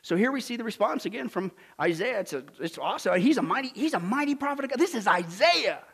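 High-voiced preacher swinging loud to hushed. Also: male voice, very animated, fast talker, slightly rough. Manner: dramatic, swings from hushed whispers to loud exclamations; asks the congregation rhetorical questions. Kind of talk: sermon.

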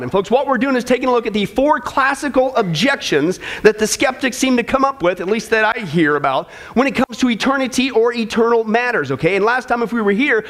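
Male pastor, high voice, casual jokey sermon, talks straight to the audience. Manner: casual, jokey, keeps saying "folks" and "okay?". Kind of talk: sermon with jokes.

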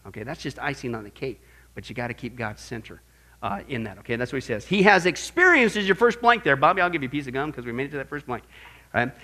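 A man preaching a sermon to his congregation, animated and joking, firing off rhetorical questions. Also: medium pitch, fast. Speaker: pastor.

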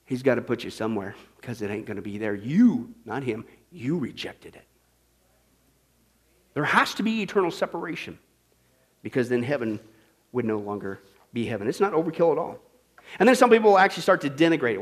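A male pastor preaching a sermon, swinging between loud, emphatic passages and hushed whispers. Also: mid-range voice, animated, fairly quick, pauses often, husky. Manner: dramatic swings from shouting to whispering.

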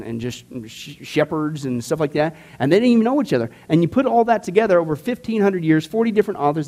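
Bible class teacher, a man with a somewhat high voice, informal and emphatic, quizzes his group. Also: mellow. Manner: emphatic, joking, asks the class questions.

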